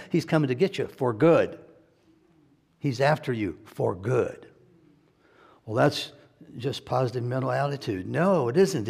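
A male pastor preaches in a loose, conversational style, breaking off for jokes and chuckles. His voice is gravelly with a husky, slightly rough edge. His pitch sits in an ordinary middle range. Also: a little mellow. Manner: conversational and joking, laughs often. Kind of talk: sermon.

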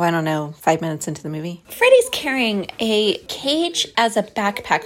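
A woman in her thirties casually recapping a movie, full of sarcastic asides and frequent swearing. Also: lowish voice.

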